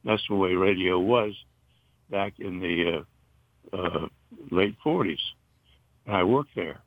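An older man from North Carolina, a retired broadcaster, reminiscing in a halting, rambling way with many fillers. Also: low-pitched, no echo. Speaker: interview guest, retired broadcaster. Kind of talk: casual reminiscing. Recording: dull, muffled dry recording.

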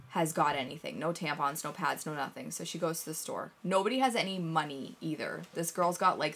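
A woman co-hosting a casual podcast chat, telling a story in an animated way and swearing often. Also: low voice. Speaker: podcast co-host.

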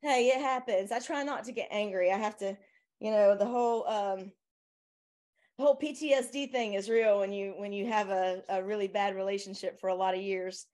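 A woman's voice: medium pitch, fairly even intonation, normal speed, a little mellow. A woman with a Southern US accent, a guest chatting casually in an interview, rambling with many fillers and restarts. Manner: laughs often. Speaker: guest, software owner.

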